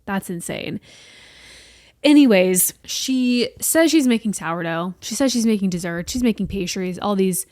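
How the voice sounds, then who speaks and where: A woman in her late twenties hosting a solo podcast, chatting in an animated way and swearing casually. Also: mid-range voice, a little slow, dry recording, studio quality. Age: late 20s. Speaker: podcast host.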